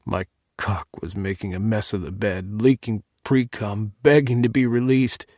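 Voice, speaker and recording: A man narrating a first-person audiobook in a measured, intimate reading on a close studio mic. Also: lowish voice, fairly even intonation, a little mellow, dry recording.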